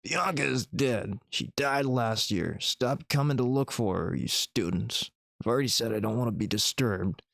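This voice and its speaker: A man's voice: mid-range voice, moderate pace, gravelly, a bit bright, dry recording, clean studio sound. A man doing a drunk, bitter old man. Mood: furious. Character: drunk grieving old man in his sixties, hostile.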